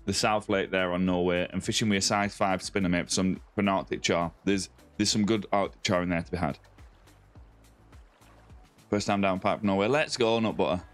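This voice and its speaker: An Australian man with a fairly low voice chats loosely through a game live stream, greeting viewers one after another as mate and buddy. Faint music plays underneath from his home setup. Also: fairly even intonation, fairly quick. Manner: friendly, greets viewers by name, calls them mate and buddy. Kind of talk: casual live-stream chat reading viewer comments.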